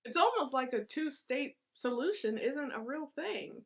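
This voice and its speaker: A woman delivering a satirical history explainer with sarcastic, deadpan asides. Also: sits high, measured pace.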